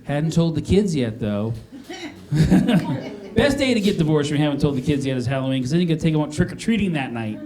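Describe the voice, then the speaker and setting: A man's voice: a little high, sing-song, brisk. A middle-aged man from Maine doing a stand-up comedy set, self-mocking and talking to the crowd. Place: comedy club stage. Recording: live club set with loud audience laughter. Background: audience laughing.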